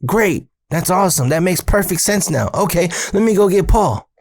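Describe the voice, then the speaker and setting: A man voicing a calm, polite father who readily accepts an explanation. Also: high-pitched, moderate pace, voice pushed up. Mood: relieved.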